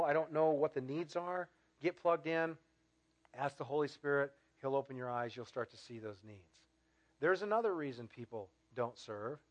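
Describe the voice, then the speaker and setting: A male pastor delivers a live sermon in a fairly high voice. He preaches with animated, rising emphasis, repeats phrases for effect, and slips in dry humor. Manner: wry humor.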